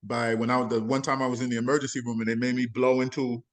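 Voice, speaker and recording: Man, casual chat, hesitant, rambling, mid-pitched voice. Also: little pitch movement, quick pace. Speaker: caller asking about health.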